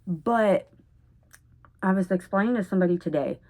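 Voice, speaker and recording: A woman rambling in a casual vlog monologue at home, oversharing and jumping between topics with sudden loud bursts. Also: mid-range voice, moderate pace. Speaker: vlogger.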